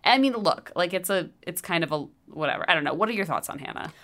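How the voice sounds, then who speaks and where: A woman's voice: lowish voice, expressive, quick pace, a bit bright. A woman co-hosting a podcast in casual chat, rambling and swearing with lots of "like" fillers. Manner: chatty, profane, lots of filler "like". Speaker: podcast co-host.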